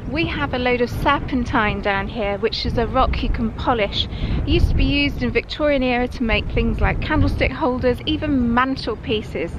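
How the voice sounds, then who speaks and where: A woman's voice: on the high side, moderate pace. A Cornish woman presenting a coastal walk, chatty and enthusiastic, recorded outdoors on a windy clifftop path. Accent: Cornish English. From Cornwall. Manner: chatty, enthusiastic, laughs easily. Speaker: walking vlog presenter. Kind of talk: casual outdoor narration. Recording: outdoor wind and ambient noise. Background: wind and outdoor ambience.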